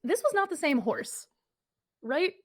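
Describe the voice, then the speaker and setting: A woman's voice: sits high, big pitch swings, unhurried, poor audio. A woman co-hosting a podcast, recapping a film's plot in casual chat and mimicking the characters. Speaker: podcast co-host.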